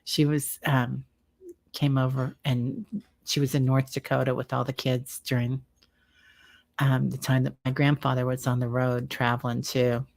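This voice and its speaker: A middle-aged woman doing a tarot reading livestream, talking casually and warmly with viewers, rambling, with lots of fillers. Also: a bass voice, little pitch movement, gravelly. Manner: slow, chatty, rambling with many fillers. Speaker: tarot reader and medium.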